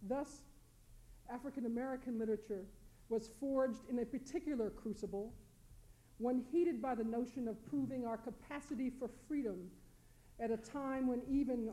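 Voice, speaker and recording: A woman on a panel reading a prepared academic talk, measured and deliberate, leaning on key words for emphasis. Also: fairly high pitch, dark tone, rough recording. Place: lecture hall panel.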